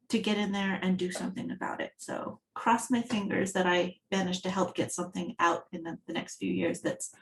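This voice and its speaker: A woman's voice: medium pitch, a little hiss or hum. A woman giving an accessibility talk at a design meetup, speaking in a conversational, storytelling manner. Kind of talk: conference talk.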